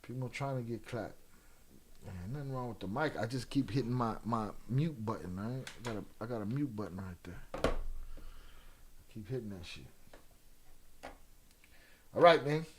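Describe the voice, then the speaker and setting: A man's voice: mid-range voice, moderate pace, long pauses, husky. A man hosting a livestream, chatting casually with viewers and teasing them with loose, profane banter. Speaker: livestream host. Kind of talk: casual chat with live viewers.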